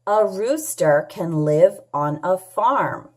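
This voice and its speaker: A woman teaching a children's phonics lesson, sounding out letters and words clearly and patiently, asking questions and answering them herself. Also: fairly low pitch, expressive, slow, darkish tone. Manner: patient, asks and answers her own questions. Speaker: English teacher.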